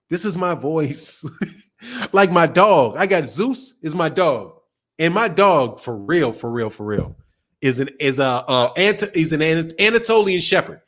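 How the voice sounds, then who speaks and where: A man hosting a boxing channel live stream, ranting loudly and profanely and laughing often. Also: sits high. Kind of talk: casual live-stream rant.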